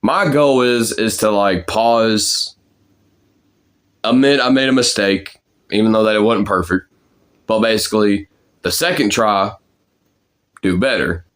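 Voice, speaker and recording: A young man talks through his voice practice in a loose, rambling way, full of fillers and false starts. His voice sits on the low side. He sounds like he is casually chatting to his viewers. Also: measured pace, long pauses, a bit bright. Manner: rambling, many fillers and restarts. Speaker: amateur voice impressionist.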